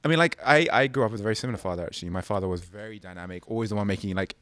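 A man's voice: lowish voice, very fast, fairly bright tone, no echo. A British man hosting an interview, asking thoughtful questions full of "like" and "kind of". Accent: British English. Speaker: interview host. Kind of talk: conversational interview.

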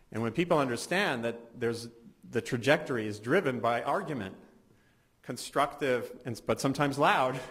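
A man's voice: mid-range voice, a bit bright. Middle-aged male journalist, mid-range voice, casual symposium speaker, self-correcting, dry humor. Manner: conversational, restarts often, wry asides. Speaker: science journalist. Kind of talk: conference talk. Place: symposium hall.

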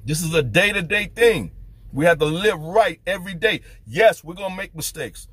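Husky-voiced fervent male street preacher. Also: high voice, animated, moderate pace, fairly bright tone, dry recording. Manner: fervent, rhetorical questions. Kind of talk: preaching to camera.

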